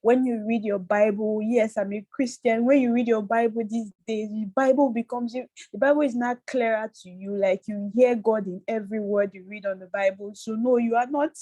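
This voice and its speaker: A woman from Nigeria sharing a personal story on a video call, halting and tearful, with many restarts. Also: on the high side, steady tone, warm tone, no room sound. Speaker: workshop participant.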